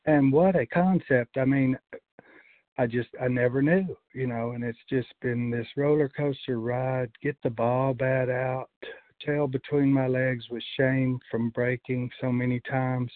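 A man's voice: mid-range voice, fairly even intonation, no echo. Man sharing on a tinny call line. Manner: halting, many fillers and restarts. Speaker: meeting member sharing. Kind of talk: personal recovery share. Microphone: video call. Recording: tinny phone-like call audio.

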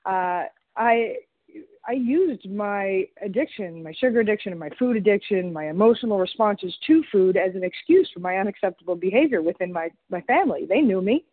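A woman's voice: medium pitch, brisk, no room sound. A woman from Long Island, New York, sharing candidly at a recovery meeting and quoting family members. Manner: candid, animated, quotes others. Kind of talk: personal recovery share. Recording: tinny phone line.

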